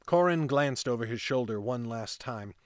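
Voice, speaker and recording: A man reads a fantasy novel aloud at a steady pace, his voice at an ordinary male pitch. The sound is dry and close, with no room echo at all. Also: moderate pace. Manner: steady reading with casual off-script asides. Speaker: narrator reading a novel aloud. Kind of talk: fantasy audiobook narration.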